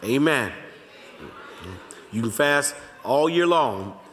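A pastor teaching a Bible study in a relaxed, conversational way, talking straight to the congregation and slowly repeating his key lines. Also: medium pitch, a little hiss or hum. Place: church sanctuary. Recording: long reverb of a large church hall.

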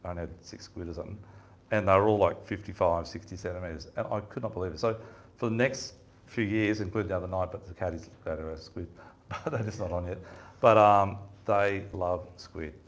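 Speaking fairly quickly in a low voice, a man leads a fishing seminar for an audience. He spins rambling, easygoing tales and laughs frequently.

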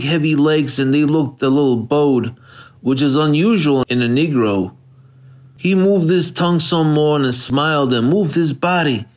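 A man giving steady, measured scripted narration of a hardboiled crime novel. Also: on the high side. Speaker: audiobook narrator.

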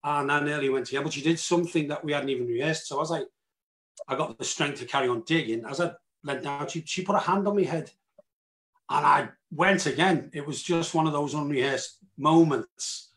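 A man with a slightly high voice tells backstage stories at a reunion. He talks in an animated way and breaks into loud cries and laughter as he acts out his own reactions. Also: fairly quick, slight background noise. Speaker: actor guest. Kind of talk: anecdotal reunion chat.

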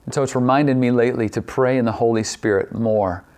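A man's voice: mid-range voice, fairly even intonation, brisk, a little mellow, clear, resonant tone. Man preaching with repeated emphatic phrases. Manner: poses repeated rhetorical questions; shifts pace, drawing some words out. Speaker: pastor. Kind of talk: sermon.

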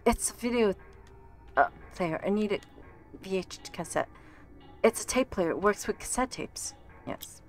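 A woman streamer thinking aloud while playing a game, chatty and given to quick exclamations. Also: on the low side, big pitch swings, faint music behind. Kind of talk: casual gameplay commentary.

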